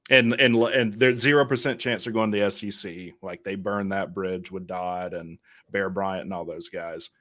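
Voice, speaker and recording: A man's voice: low voice, fairly even intonation, moderate pace, a bit bright. A man with a Southern American accent, a guest on a sports podcast, talking casually with a joking, wry manner. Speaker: guest YouTuber. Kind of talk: casual interview chat.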